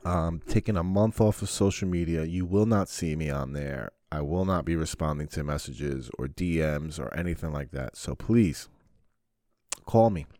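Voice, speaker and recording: A man's voice: very deep voice, normal speed, warm tone, dry recording, clean studio sound. A man hosting his own podcast, talking in a profane, rambling, sarcastic solo monologue. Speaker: podcast host.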